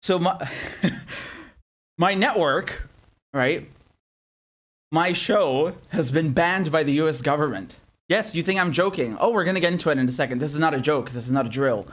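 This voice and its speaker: Young guy ranting on his livestream, mad but cracking jokes, kinda high voice. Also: moderate pace, pauses often. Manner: animated, swearing, angry and joking with laughs. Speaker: independent journalist and show host. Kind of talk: live-streamed political commentary.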